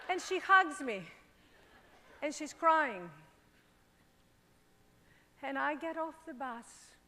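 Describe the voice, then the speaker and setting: A woman's voice: high voice, big pitch swings, extremely slow, long pauses, sharp tone. A woman from Greece with a Greek accent gives a motivational stage talk, telling her story with animation and acting out the dialogue. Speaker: speaker. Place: performing arts center stage. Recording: long reverb of a large performing arts hall.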